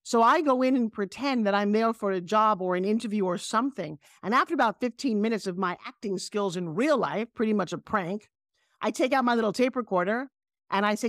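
A middle-aged woman with a New York accent, a guest telling animated stories on a video call. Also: medium pitch, a little fast, no room sound, studio quality. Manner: animated, emphatic storyteller. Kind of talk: casual interview storytelling.

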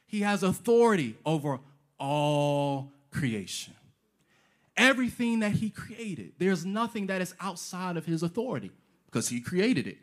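A pastor preaching a sermon, emphatic and repetitive, firing off rhetorical questions and slipping casual slang into his preaching. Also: extremely high pitch.

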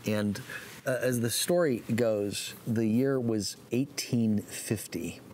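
A man preaching a sermon, praying and telling a story in a relaxed, folksy way with fillers. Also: lowish voice, slight background noise.

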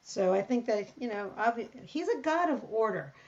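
Woman, casual Bible study talk, reads verses aloud, thinks out loud, dull lo-fi sound. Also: on the high side, normal speed, slight background noise. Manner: thinks aloud, reads scripture, animated when surprised.

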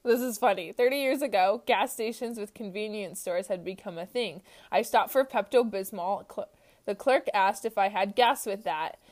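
Young woman podcaster reading funny stories, giggly, says like a lot, mid pitch. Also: moderate pace, darkish tone. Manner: giggly, many "like" fillers. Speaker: podcast host.

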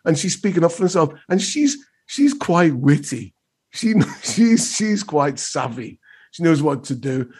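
A man's voice: fairly high pitch, darkish tone, breathy edge. A man co-hosting a review show, arguing animatedly and stumbling over his words as he goes. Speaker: regular co-host. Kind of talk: lively opinion chat.

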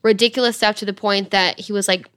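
A woman's voice: medium pitch, steady tone, a bit bright, smooth. A young woman telling a story in a casual, chatty way, with lots of "like". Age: young adult. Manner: chatty, fast, full of "like". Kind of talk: casual chat.

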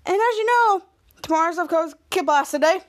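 A woman's voice: very high voice, expressive, brisk, pitched above the performer's own voice. A woman voicing a brash, boastful adult male superhero mentor who bosses his young team around. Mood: bossy, brash. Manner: brash, dismissive.

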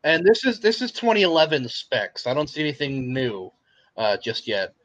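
Joking podcast host with a slight lisp. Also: male voice, on the high side, animated, moderate pace, fairly bright tone. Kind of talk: casual chat.

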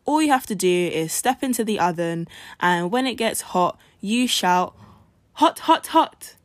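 A woman's voice: on the low side, normal speed, no echo, lightly acted. A woman voicing a sly, scheming male rabbit trickster in a spoken folk tale, with a coaxing, wheedling manner. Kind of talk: storybook reading.

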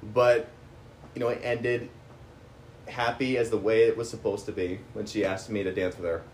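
A young man casually telling a story to friends, animated and teasing. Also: lowish voice, moderate pace. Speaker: co-host. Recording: faint background noise.

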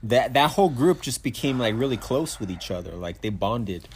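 A man's voice: medium pitch, animated, moderate pace, a little mellow, slight background noise. A man co-hosting a podcast, joking and speculating in casual chat and swearing freely. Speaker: podcast co-host.

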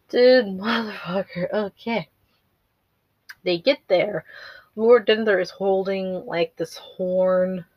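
A woman's voice: fairly low pitch, no echo, muffled recording. A woman podcast host rambling through a casual movie recap, swearing, laughing nervously and apologizing as she goes.

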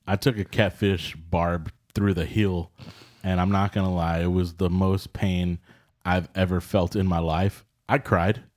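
A man's voice: deep voice, little pitch movement, unhurried, a little mellow. A man, rambling laid-back in casual podcast chat and laughing often. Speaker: podcast co-host.

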